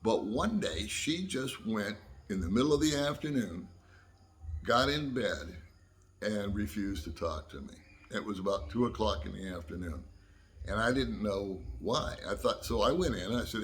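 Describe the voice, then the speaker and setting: A man's voice: lowish voice, animated. An older American man vlogging, telling a personal story in a folksy, casual way and laughing at himself. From United States. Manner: folksy, laughs at himself, slow drawn-out asides.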